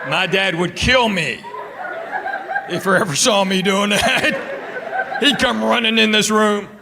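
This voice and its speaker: A middle-aged man from Tennessee doing a stand-up comedy set, telling stories and acting out quick quotes from his family. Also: sits high, vocal fry, a loud crowd, very noisy. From Tennessee, USA. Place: theater stage before a live audience. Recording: live show with audience laughter. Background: audience laughter.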